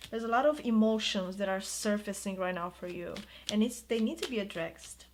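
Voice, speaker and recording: A woman giving an intuitive tarot reading in a soft, soothing way, drawing out her words of reassurance. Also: mid-range voice, normal speed, hardly any pauses, slight background noise. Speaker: tarot reader.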